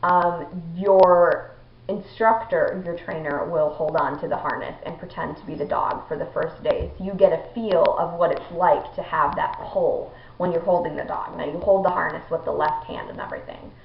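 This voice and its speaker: A woman's voice: fairly low pitch, steady tone, normal speed, gravelly, slight background noise. A young woman telling a personal story to her viewers in a chatty vlog, with many ums and likes. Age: young adult. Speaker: vlogger. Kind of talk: casual storytelling to camera. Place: her home, indoors. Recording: echoey room, dull lo-fi audio.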